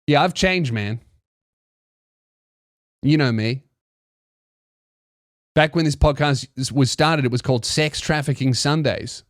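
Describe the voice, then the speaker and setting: A man's voice: medium pitch, measured pace, long pauses, dry recording. A young man hosting a podcast, ranting in a sarcastic, mocking, profane comedic monologue into a close mic. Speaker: podcast host.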